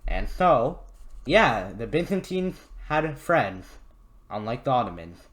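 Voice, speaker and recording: A man's voice: mid-range voice, very animated, takes it slowly, a bit bright. A man hosting a casual history video, joking and swearing as he rambles. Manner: irreverent, jokey, swears, rambles with fillers. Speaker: history channel host.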